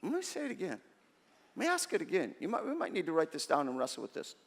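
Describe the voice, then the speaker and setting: A middle-aged man preaching a sermon as pastor, conversational and animated, with self-deprecating stories. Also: on the high side, fast talker. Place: large church auditorium. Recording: long reverb of a church hall.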